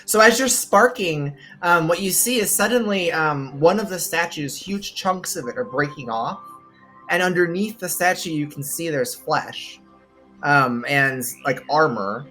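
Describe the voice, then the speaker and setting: A man's voice: on the high side, animated, a little slow, bright, forceful tone, faint music behind. A man running a tabletop game, narrating casually with lots of ums. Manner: casual, filler-heavy narration. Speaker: game master.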